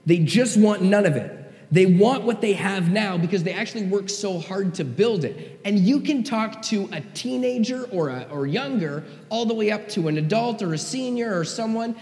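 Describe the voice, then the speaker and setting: A man's voice: high voice, lively intonation, normal speed, a little mellow. A male pastor preaching a sermon in a conversational, emphatic way and often checking in with his listeners. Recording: echoey hall.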